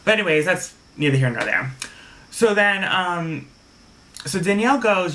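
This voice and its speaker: A man's voice: on the high side, brisk, bright, forceful tone. A man casually recapping a reality TV episode, candid and opinionated, swearing freely and repeating himself for emphasis.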